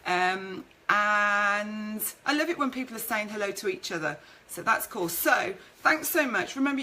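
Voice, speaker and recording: A woman's voice: mid-range voice, bright, forceful tone, low-quality recording. A woman hosting a live-streamed business talk, chatty, reading out viewer comments and telling stories from her career. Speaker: networking show host and speaker.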